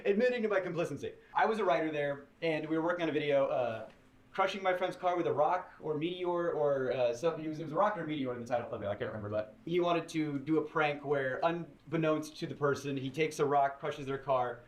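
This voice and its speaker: A man being interviewed, telling a story in a chatty, halting way with fillers and getting animated as he goes. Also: a little high. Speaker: guest in an interview, former writer. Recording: distant, roomy interview audio played on stream.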